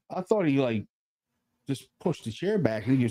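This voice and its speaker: A man, a paranormal investigator, casually telling a story about an investigation, animated and sprinkled with swearing and fillers. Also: mid-range voice, fairly quick.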